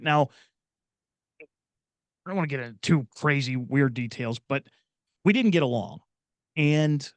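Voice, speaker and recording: A man's voice: medium pitch, no room sound. Earnest middle-aged man, dry close sound. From Indiana, USA. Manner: earnest, halting retelling with many restarts. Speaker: podcast guest. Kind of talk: personal storytelling in casual chat.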